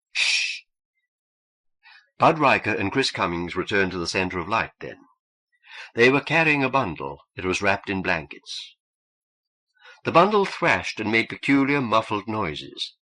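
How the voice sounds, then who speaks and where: A man reading an audiobook in a measured, expressive way. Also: on the low side. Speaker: audiobook narrator.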